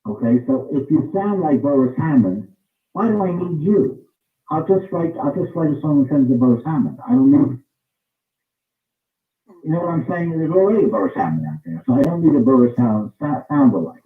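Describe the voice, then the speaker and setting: In an interview, a man with a slightly high, animated voice talks briskly and emphatically about what he looks for in singers, repeating his points for stress. He sounds off-mic and distant, with a tinny, phone-like, roomy recording.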